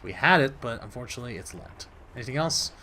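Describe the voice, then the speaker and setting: A man's voice: mid-range voice, lively intonation, fast talker, pushed and bright, a little hiss or hum. A man voicing a nervous, fussy librarian who stammers and speaks primly. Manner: stammering, prim and flustered.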